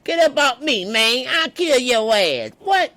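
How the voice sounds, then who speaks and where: A man voicing a hot-headed, threatening tough guy who shouts aggressively. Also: extremely high pitch, big pitch swings, unhurried, pitched above the performer's own voice, exaggerated voice. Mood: angry.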